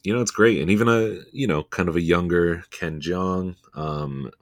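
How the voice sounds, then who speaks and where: A man's voice: low voice, moderate pace, no room sound, studio quality. A man co-hosting a podcast, chatting casually and gushing about a show, with lots of fillers and restarts. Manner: rambling, gushing with many fillers. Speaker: podcast co-host. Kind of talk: casual chat.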